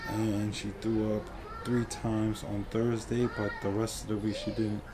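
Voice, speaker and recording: A man's voice: lowish voice, little pitch movement, a little slow, noisy background. A man chatting casually in a family vlog, easygoing and matter-of-fact. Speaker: vlogger, husband. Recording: music playing behind.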